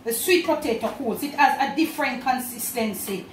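An expressive woman with a Jamaican accent and a slightly high voice walks her viewers, whom she addresses like family, through a recipe in her home kitchen at a moderate pace. Dishes and pans clatter, the room echoes, the mic is distant, and there is a little hiss or hum.

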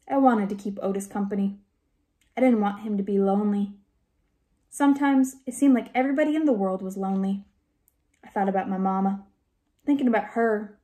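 A woman reads a children's storybook aloud at a gentle, unhurried pace. Her voice is warm and mellow. She speaks at a middle pitch. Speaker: reader. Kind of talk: first-person storybook narration.

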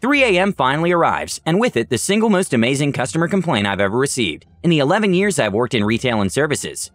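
A man reading online stories aloud as narrator, with a wry, deadpan delivery. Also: mid-range voice, fast, no room sound.

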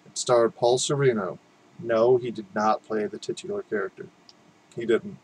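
A man's voice: medium pitch, flat delivery, moderate pace, darkish tone, slight background noise, rough recording. A man doing casual unboxing commentary, rambling, joking at his own expense, and swearing freely. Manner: rambling, self-mocking, swears a lot. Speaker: unboxing vlogger.

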